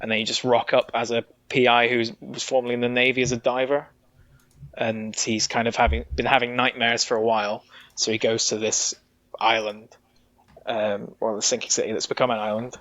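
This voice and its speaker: A man's voice: medium pitch, flat delivery, brisk, fairly bright tone, no echo. A man, a podcast guest, chatting casually and rambling through a game review. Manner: rambling, with frequent restarts and swearing. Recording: dull dry sound.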